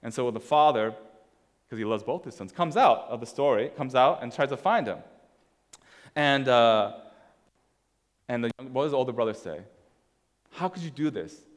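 A man's voice: mid-range voice, normal speed, long pauses, long reverb tail. A man preaching a sermon in a casual, conversational way, telling a story as he walks through slides. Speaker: pastor.

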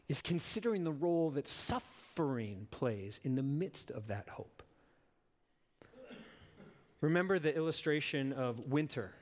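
A man preaching a sermon as a pastor, earnest and emphatic, putting rhetorical questions to his listeners. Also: medium pitch.

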